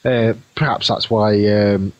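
A man's voice: on the low side, steady tone, a little slow, no echo, lo-fi sound. Rambling man. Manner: rambling, musing, frequent fillers. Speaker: podcast co-host. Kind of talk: casual chat.

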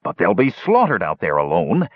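Narrator doing an impulsive dwarf captain; husky, lively, urgent. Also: male voice, low voice, normal speed, no room sound, lo-fi sound, exaggerated voice. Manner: urgent, frustrated. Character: earnest, impulsive male dwarf leader.

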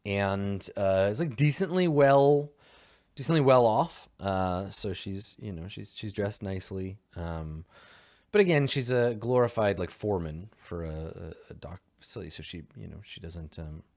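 A man narrating a tabletop game as game master, meandering with many ums and likes and trailing off softly. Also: on the low side, lively intonation, normal speed.

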